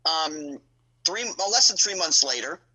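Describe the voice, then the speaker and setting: A middle-aged man telling stories as a podcast guest, animated and acting out other people's lines in his own telling. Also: a little high, a little slow, poor audio. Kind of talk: casual storytelling.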